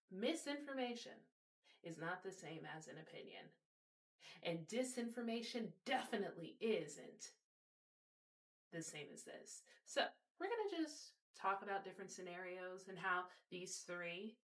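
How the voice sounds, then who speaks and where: A woman hosting a video, casually explaining a topic and telling a story, speaking directly to her viewers. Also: mid-range voice. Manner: warm direct address to viewers.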